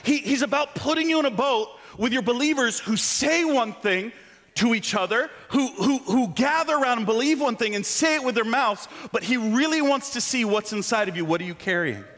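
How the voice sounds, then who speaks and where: Male preacher, high lively voice, jokey and animated, long church reverb. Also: moderate pace. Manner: animated, joking, self-deprecating asides. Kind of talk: sermon. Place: church sanctuary.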